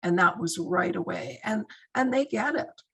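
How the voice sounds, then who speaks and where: Woman, middle-aged, husky voice, mid pitch, conversational training talk, video call. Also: animated, normal speed, rough recording. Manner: warm, conversational, with many fillers. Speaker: guest speaker, crisis intervention trainer.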